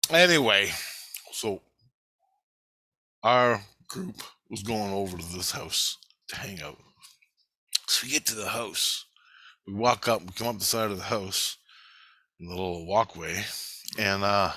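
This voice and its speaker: A man's voice: on the low side, sharp tone, dry recording. A middle-aged man telling a rambling, profane story from his childhood in a casual spoken way.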